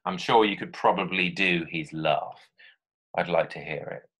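A man leads a remote writing lesson for young pupils, talking his draft through aloud with friendly asides. His voice sits fairly low yet comes across bright and forceful. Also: measured pace, breathy edge. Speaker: primary school teacher.

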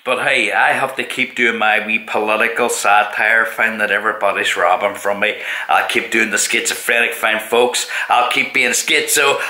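Northern irish guy ranting on his vlog, swears a lot, bright sharp voice, echoey room. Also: steady tone, normal speed, few pauses. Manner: sweary, mocking, jumps into shrill outbursts. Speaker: comedy YouTuber. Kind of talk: comedic vlog rant. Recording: roomy echo.

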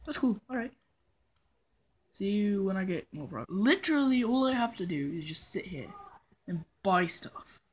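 A woman with a slightly husky, breathy voice chats through a game in a put-on British accent. Her pitch sits in an ordinary middle range. She rambles playfully and laughs at her own mistakes. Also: big pitch swings, normal speed. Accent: put-on British persona. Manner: playful, rambling, self-mocking, drifts into hummed nonsense. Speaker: gaming channel host. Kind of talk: casual let's-play commentary. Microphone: phone recording.

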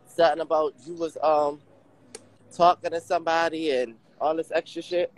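A man doing a low-voiced muttering friend. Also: steady tone, normal speed, natural voice, rough recording. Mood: serious.

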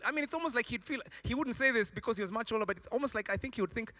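A man's voice: very high-pitched, rapid-fire, hardly any pauses, sharp tone, long reverb tail. A man preaching a sermon as a pastor, telling stories animatedly and acting out voices.

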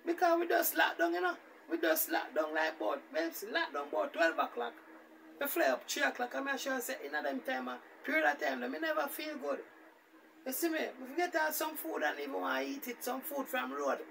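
A man's voice: very high voice, a little fast, creaky, far from the mic, a little hiss or hum. A man with a Jamaican Patois accent rambling through a casual, repetitive story as a vlogger. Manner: rambling, repetitive, animated retelling.

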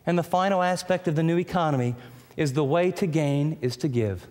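A man with a high voice preaching a sermon. He is emphatic and drops to quiet, slow words for effect. His voice rings out with a long reverb in a big hall. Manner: emphatic preaching with dramatic pauses and shifts in volume. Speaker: pastor.

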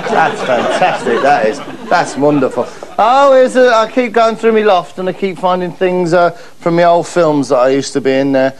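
A man's voice: high-pitched, animated, normal speed, hardly any pauses, a crowd in the background. A man hosting a comedy show, delivering a mock-pompous monologue in a camp, gushing way. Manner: camp, gushing, repeats "that's lovely". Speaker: comedy host.

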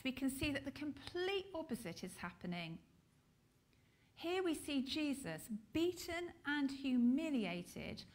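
A woman with a British accent preaching a sermon, slow and deliberate with emphatic pauses. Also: sits high.

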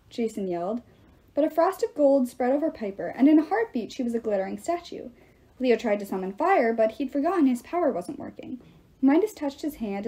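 A woman reading a novel aloud with expressive, dramatic narration. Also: fairly high pitch, breathy edge. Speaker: audiobook reader.

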